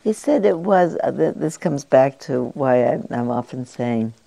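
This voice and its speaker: An older woman gives a dharma talk in a very low, gravelly voice with a mellow, dark tone. She muses gently, pausing often and searching for words. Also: lively intonation. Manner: gentle, musing, with frequent pauses and fillers. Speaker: meditation teacher.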